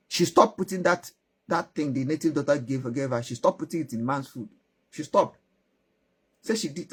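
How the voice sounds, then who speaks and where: A man telling a story in a casual, repetitive way. His voice is husky and sits fairly high. He tells it as a lively oral tale. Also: moderate pace.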